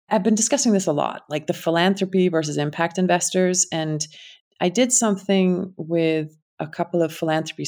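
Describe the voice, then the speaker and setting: With a low-sitting, darkish voice, this impact investing founder from the United States talks as an interview guest. She is middle-aged with a Connecticut accent, and her reflective remarks come across candid and thoughtful, now and then trailing off.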